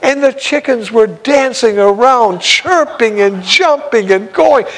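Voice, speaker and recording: A man's voice: extremely high pitch, lively intonation, takes it slowly, a bit bright, rough recording. A man, an evangelist, telling a story in a sermon in a folksy, exclamatory way with frequent chuckles.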